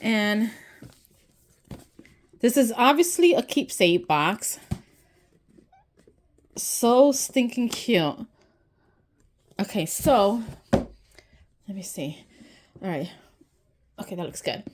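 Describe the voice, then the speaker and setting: A woman hosting an unboxing video, gushing and excited, sometimes dropping to a soft whisper as she opens items. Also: mid-range voice, drawn-out words, pauses often, a little hiss or hum. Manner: gushing, excitable, often says "so stinking cute". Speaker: unboxing channel host. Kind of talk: casual unboxing narration.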